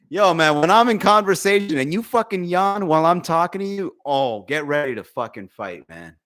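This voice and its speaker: A man's voice: fairly high pitch, animated, normal speed, long pauses, a bit bright. A young adult man, a comedian hosting a casual livestream podcast, talking through a phone, reading viewer comments and acting out the voices he quotes, with plenty of swearing. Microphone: phone for live stream.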